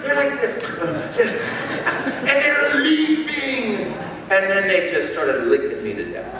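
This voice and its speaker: A man preaches a sermon, slipping into animated, self-mocking stories. His voice sits a bit high and swings widely in pitch. He is picked up from across a large, reverberant hall with faint background noise. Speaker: pastor. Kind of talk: sermon with humorous storytelling. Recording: echoey hall, mic far off.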